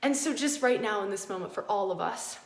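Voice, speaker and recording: A woman's voice: mid-range voice, animated, a little fast, echoey room. A woman hosting a podcast, giving a passionate, emphatic spiritual teaching talk and repeating phrases for emphasis. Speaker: podcast host.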